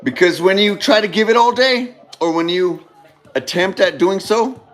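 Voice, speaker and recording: With a high-pitched, fairly bright voice at normal speed, a man delivers a casual motivational monologue about love. He rambles, repeats himself, swears occasionally and calls his listeners "brother."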